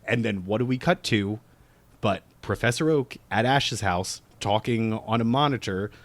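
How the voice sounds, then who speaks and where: A man's voice: lowish voice, moderate pace, no echo. A man co-hosting a podcast, recapping in a wry, easygoing way. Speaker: podcast co-host. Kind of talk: casual chat.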